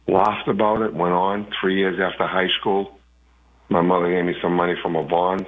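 Low husky man on a phone line. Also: fairly even intonation, normal speed. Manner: rambling storyteller. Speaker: caller. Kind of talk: phone-in call.

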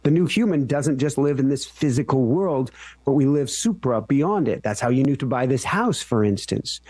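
A man's voice: mid-range voice, mellow, no room sound. A man who is a guest on a radio talk show, speaking in an earnest, teacherly way. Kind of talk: radio interview.

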